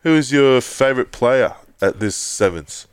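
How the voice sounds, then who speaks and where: A man's voice: expressive, unhurried, clean tone, no echo. A man from the Pacific Islands co-hosting a podcast, telling stories in casual chat, swearing and mimicking people in a raised voice. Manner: storytelling, swears, mimics others in high voices. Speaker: podcast co-host.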